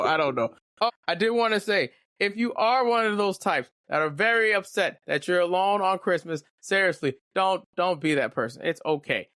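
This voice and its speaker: A man's voice: a little high, moderate pace, a bit bright, no room sound, clean studio sound. A young man hosting a casual solo podcast, talking candidly and rambling with joking asides. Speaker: podcast host.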